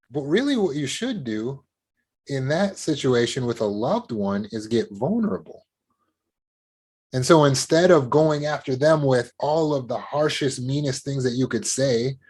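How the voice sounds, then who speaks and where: Male teacher type, earnest and explanatory, mid-range pitch, calm lecture on recovery. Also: husky. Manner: earnest, explanatory, with acted-out quotes. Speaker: trauma recovery educator. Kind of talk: educational talk to camera.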